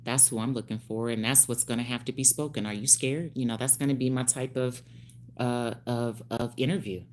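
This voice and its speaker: A woman in her fifties, a hairstylist speaking on a phone livestream, animated and preachy with frequent laughs. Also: a bass voice, brisk, slight background noise. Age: 50s. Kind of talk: casual livestream talk.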